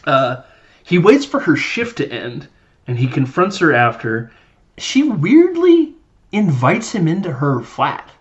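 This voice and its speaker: A man's voice: a little high, sing-song, takes it slowly, dull audio. A man hosting a podcast, casually recapping a film in a loose, chatty way with lots of fillers. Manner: loose and chatty, many fillers, laughs while acting out scenes. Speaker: podcast host.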